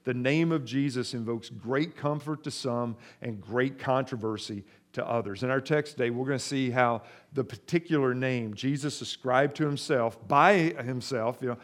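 A man's voice: medium pitch, moderate pace, few pauses. A man preaching a sermon as pastor, speaking conversationally to the congregation and pushing hard on stressed words. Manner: emphatic, rising sharply in volume for stress.

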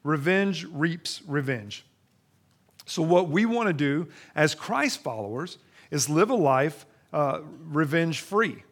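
A middle-aged male pastor delivers a sermon in a slightly high voice. He drops into quiet, conversational asides, then climbs loud and animated when reading scripture. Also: measured pace.

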